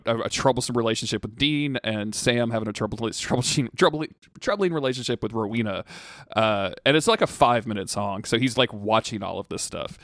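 A man's voice: medium pitch, no echo, studio quality. Man animatedly telling a story. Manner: animated storytelling, acts out quotes. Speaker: podcast co-host. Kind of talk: casual chat.

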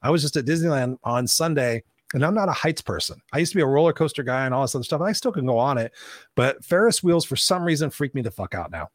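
A man's voice: mid-range voice, expressive, quick pace, no echo, studio quality. A man hosting a motivational interview as a life coach, talking emphatically and punchily and swearing freely.

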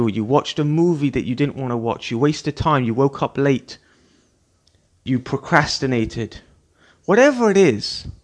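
Earnest middle-aged male host, motivational monologue, repetitive delivery, average pitch. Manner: earnest, repetitive, acts out scolding parent voices. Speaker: podcast host.

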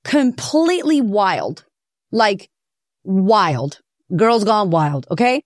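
A woman hosting a podcast, telling her own story in a candid, profane, animated way. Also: mid-range voice, slow pace, no echo, studio quality. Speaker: podcast host. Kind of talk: personal confessional monologue.

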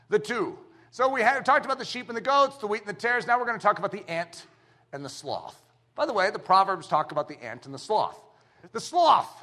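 Animated, high-voiced male preacher. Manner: animated, playful and emphatic. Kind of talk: sermon.

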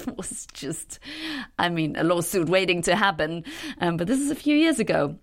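A middle-aged woman hosting a solo podcast as a leadership coach, talking earnestly and passionately, with soft laughs and breathy asides. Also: on the low side, expressive, moderate pace. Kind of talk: reflective solo podcast talk.

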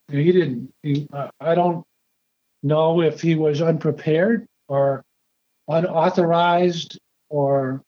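A man's voice: a little high, a little mellow. Older man telling a rambling story. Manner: rambling, halting, repeats words. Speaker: interviewee. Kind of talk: storytelling interview. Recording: dull lo-fi recording.

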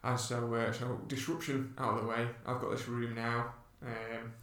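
A man's voice: medium pitch, little pitch movement, moderate pace, a bit bright. A man, a podcast co-host and runner, telling a rambling story in casual chat with many restarts. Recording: echoey room, distant mic.

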